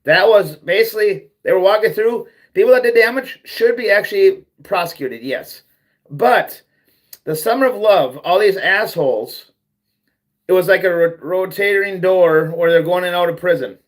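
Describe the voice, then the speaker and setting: Hosting a livestream, a man delivers a blunt, profane ranting monologue and keeps repeating himself. He speaks at a moderate pace in a high-pitched voice.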